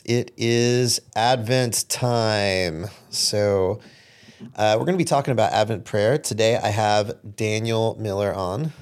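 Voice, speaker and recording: A man hosting a prayer podcast in relaxed, casual chat, laughing easily and trailing off softly. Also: lowish voice, slow pace. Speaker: podcast host.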